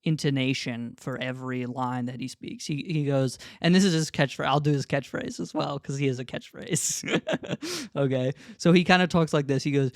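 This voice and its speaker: A man co-hosts a podcast in casual chat, rambling and laughing often. His voice is medium-pitched at a moderate pace, recorded with studio quality and no room sound.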